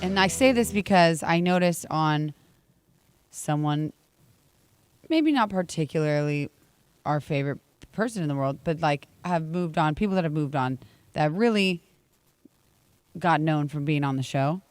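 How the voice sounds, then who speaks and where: A woman's voice: deep voice, unhurried, long pauses, clean tone, no room sound. A woman co-hosting a morning radio show, chatty and teasing in casual banter.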